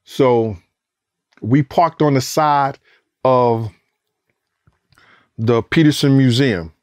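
In a casual interview, a middle-aged former bodyguard tells a story at a very slow pace, his voice medium in pitch. He's animated and profane, acting out other people's voices and the sound of gunfire. The recording is dry and clean, with studio quality.

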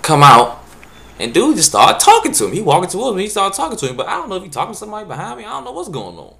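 A man's voice: very fast, gravelly. A man telling funny everyday stories to the camera in a loose, casual way, jumping into voices to act out the scenes. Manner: animated, jumps into high voices when acting out scenes; loose casual speech, drops words. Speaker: vlogger. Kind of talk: casual storytelling monologue.

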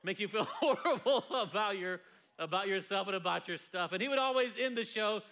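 A pastor with a high, lively voice preaches to a church congregation. His tone is bright and forceful, and he talks in a playful, joking way as he leads the sermon. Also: fairly quick. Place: church sanctuary before a congregation.

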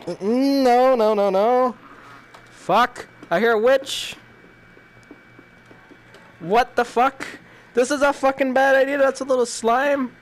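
A man's voice: very high-pitched, steady tone, takes it slowly, pauses often. A man reacting while playing a VR game, jumpy and panicky and swearing constantly. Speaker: gamer.

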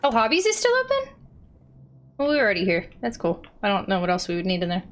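A woman giving casual let's-play commentary, chatty and excitable, reading game text aloud. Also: medium pitch, fast, a little hiss or hum.

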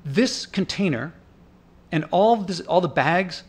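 A man with a fairly high voice narrates over his own footage in a loose, unscripted way. He sounds indignant and worked up, rambling and thinking aloud with restarts. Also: animated, a little slow, husky. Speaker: vlogger. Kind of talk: casual narrated commentary over park footage.

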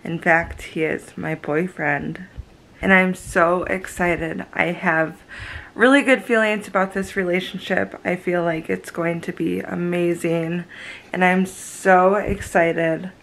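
Giggly young woman with a gravelly voice. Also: on the low side, steady tone, slow, fairly bright tone, poor audio. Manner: gushing, giggly. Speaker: vlogger. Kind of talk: casual vlog talk.

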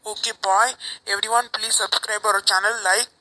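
In her homemade cartoon, the channel's creator speaks for the office workers with plain, simple readings and short replies. Her mid-range voice has fairly even intonation, a moderate pace, and a bright, forceful tone, captured on poor audio.

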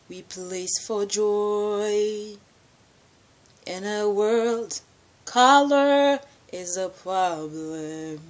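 Woman songwriter, hushed and hesitant, half-whispered delivery with small restarts. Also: a little high. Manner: soft, halting, partly whispered. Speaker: singer-songwriter introducing her song. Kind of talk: quiet personal video message.

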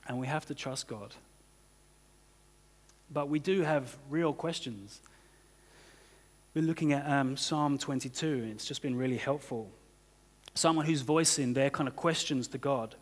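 A man's voice: mid-range voice, unhurried, pauses often. A man preaching a sermon as pastor, talking in a loose conversational way full of "you know" and "kind of". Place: church hall. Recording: church hall reverb.

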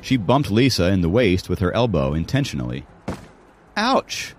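A man's voice: deep voice, very animated, fairly quick, a little mellow, a little hiss or hum. A man narrating an audiobook in a dramatic storytelling manner. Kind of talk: scripted narration.

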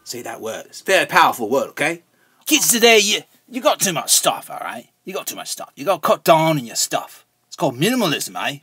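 A man's voice: a little high, sing-song, brisk, pushed and bright, slight background noise. A man playing a rambling, preachy vegan kids TV host who talks down to children and repeats his words, with music underneath. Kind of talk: comedic kids-show parody.

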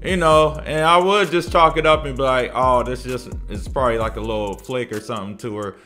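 A man's voice: medium pitch, fairly even intonation, a little fast, pushed and bright, soft background music. Guy in his 30s doing a reaction commentary, mid voice, opinionated, chill and chatty. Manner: dismissive, opinionated, conversational. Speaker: commentary channel host.

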